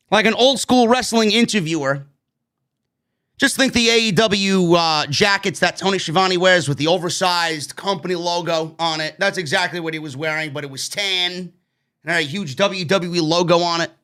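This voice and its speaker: New york guy ranting about wrestling, high bright voice, swears a lot, yells. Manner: loud profane ranting, frequent shouting. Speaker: wrestling show reviewer. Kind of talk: ranting show review.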